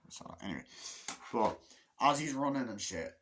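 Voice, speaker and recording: A man's voice: medium pitch, lively intonation, moderate pace, a bit bright, slight background noise. A man giving a casual, rambling movie review, swearing freely and humming the score as he retells scenes.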